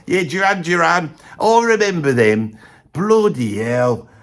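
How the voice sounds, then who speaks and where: A man playing a rambling, opinionated middle-aged bloke with a Birmingham accent, who swears mildly all the time and drops into hushed asides. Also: fairly high pitch, expressive, slow pace, vocal fry, heavily acted. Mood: rambling gossip. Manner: rambling, says "bloody" constantly, drops into hushed conspiratorial asides. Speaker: comic presenter. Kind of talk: comedic character monologue.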